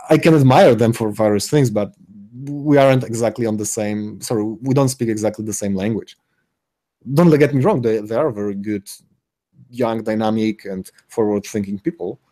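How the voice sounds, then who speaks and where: A middle-aged man co-hosting a live stream in casual chat, speaking haltingly with frequent restarts and self-corrections. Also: lowish voice, mellow. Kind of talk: casual chat, reading out chat comments.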